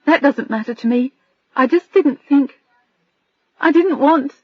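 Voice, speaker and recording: A woman's voice: high-pitched, a little slow, dry recording, dull audio, pitched above the performer's own voice. A woman narrator voicing a tearful, overwhelmed young woman whose voice trembles and breaks. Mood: subdued.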